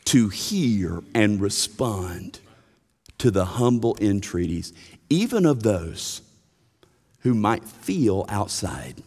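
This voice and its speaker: A man preaching a sermon as a pastor, earnest, rising for emphasis and dropping soft. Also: fairly low pitch, big pitch swings, very slow, husky, in a large hall.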